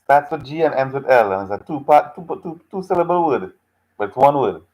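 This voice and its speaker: A man's voice: medium pitch, lively intonation, brisk, lo-fi sound. A man teaching a live online class, reacting to students' chat answers in a patient, teasing way and repeating his phrases several times. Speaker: lecturer.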